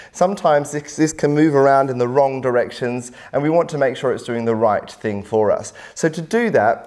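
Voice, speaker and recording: A man working as a vocal coach, calmly explaining and demonstrating a singing warm-up in an instructional lesson. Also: mid-range voice. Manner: calm, encouraging explanations with sung demonstrations.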